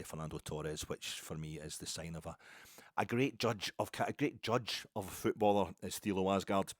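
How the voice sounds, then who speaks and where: A man with a deep voice talks on his own podcast in a loose, digressive way. He drifts from one tangent to another. The sound is dry and close. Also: no echo. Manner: rambling, digressive football chat. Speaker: podcast host. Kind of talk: solo podcast monologue.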